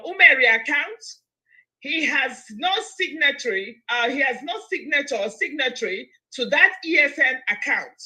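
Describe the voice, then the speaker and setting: A woman hosting a live broadcast, making a steady, emphatic statement. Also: high voice, poor audio. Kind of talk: measured statement.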